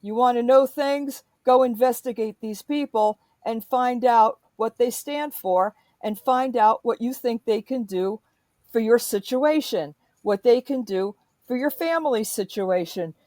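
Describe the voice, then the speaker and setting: A woman's voice: a little high, measured pace, warm tone, no echo. A woman in a profane, emphatic political rant, speaking as a podcast host.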